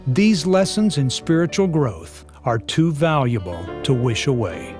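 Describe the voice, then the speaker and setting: A man reading a scripted radio spot in a warm, earnest way. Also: medium pitch, very animated, measured pace. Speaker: parenting radio spot host. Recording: radio spot over a music bed.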